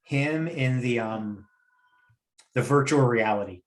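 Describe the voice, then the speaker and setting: A man co-hosting a casual podcast chat in a relaxed, agreeable way, swearing now and then. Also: medium pitch, slow pace, crowd noise. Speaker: podcast co-host.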